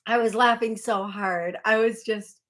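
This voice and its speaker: A woman's voice: on the high side, steady tone, measured pace. A woman hosting a live call-in psychic medium show, chatting in a rambling way with many fillers and restarts.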